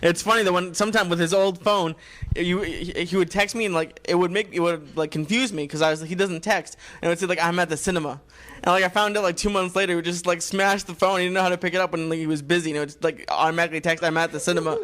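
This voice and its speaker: High-voiced guy co-host rattling off a story quick, kinda far from the mic. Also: fairly even intonation, a bit bright. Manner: rambling, filler-heavy storytelling. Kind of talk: casual chat. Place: comedy club stage before a live audience.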